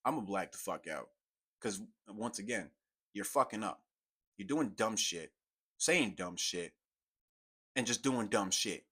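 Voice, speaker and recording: A young man rants to his viewers, cursing freely and sounding exasperated. His voice dips into low, muttered asides, then jumps up high into loud outbursts. It is a casual, unscripted commentary delivery. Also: lively intonation, measured pace, pauses often, husky. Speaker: commentary YouTuber. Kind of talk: ranting commentary.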